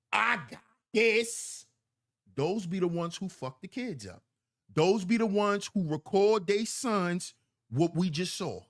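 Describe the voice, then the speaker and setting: Guy ranting on his stream, high voice, repeats stuff for emphasis, calls out chat. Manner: preachy, emphatic, repeats lines for effect. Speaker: livestream host. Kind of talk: livestream commentary reading chat.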